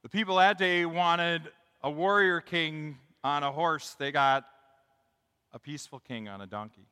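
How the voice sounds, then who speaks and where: A male pastor preaching a sermon, building to loud, emphatic calls and leading his congregation in call and response. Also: fairly high pitch, unhurried, clear, resonant tone, long reverb tail. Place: church sanctuary.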